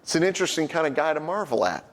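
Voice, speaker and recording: A man's voice: fairly high pitch, sing-song, very fast, big-room sound. A middle-aged man preaching a sermon as a pastor, telling everyday stories in a conversational, humorous way. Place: church sanctuary.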